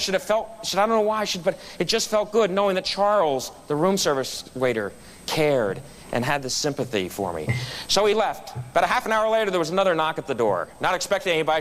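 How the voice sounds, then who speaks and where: A middle-aged man giving a storytelling speech at a club meeting, acting out the people in his story. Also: high voice. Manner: animated, acts out quoted voices. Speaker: guest speaker at a club meeting. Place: meeting room.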